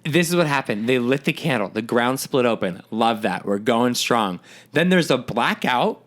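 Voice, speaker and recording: A man co-hosting a podcast in casual chat, emphatic and animated, repeating his points for emphasis. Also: medium pitch, moderate pace. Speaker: podcast co-host.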